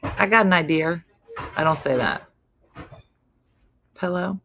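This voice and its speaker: A woman hosts a loose, casual morning show, chatting between tasks and side remarks. Her voice sits low and gravelly. A faint noise runs under the recording. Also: expressive, fairly bright tone. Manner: chatty, quick to switch between tasks and asides. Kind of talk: casual chat while working.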